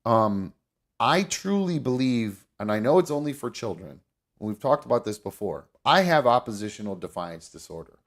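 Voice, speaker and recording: A man hosting a casual talk show, rambling and swearing freely as he thinks out loud. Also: mid-range voice, big pitch swings, normal speed. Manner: rambling, profane, restarts. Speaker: host. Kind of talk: casual chat.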